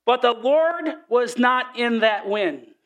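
A male preacher with a high voice gives an animated sermon. He tells stories with plenty of energy and slips into acted voices for the people in them. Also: slow pace, dull audio. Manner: animated storytelling, acts out voices in quotes.

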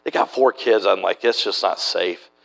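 With a low, gravelly voice at a normal speed, this middle-aged man tells stories as part of a sermon. He is a preacher and church planter whose folksy, conversational delivery includes many restarts.

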